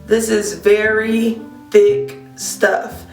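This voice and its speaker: A woman's voice: mid-range voice, level tone, extremely slow, a little mellow, recorded from a distance. A woman vlogger with a cold gives a casual product review, her voice scratchy as she talks straight to viewers. She speaks a little away from the mic in a roomy space. Faint guitar music plays underneath. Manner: chatty, addresses viewers directly, frequent ums. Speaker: hair care vlogger.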